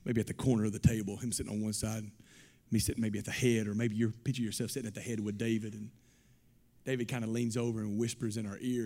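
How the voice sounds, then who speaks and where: Emphatic, booming male preacher. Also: level tone, quick pace. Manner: emphatic, rising to loud exclamations. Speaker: pastor. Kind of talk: sermon.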